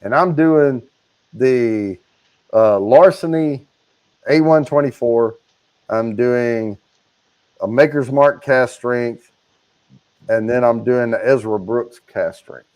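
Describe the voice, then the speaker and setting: A man chatting on a casual livestream, walking through the giveaway details at an easy clip. His voice sits in a middle pitch, relaxed and talkative. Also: slow pace, pauses often. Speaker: livestream co-host.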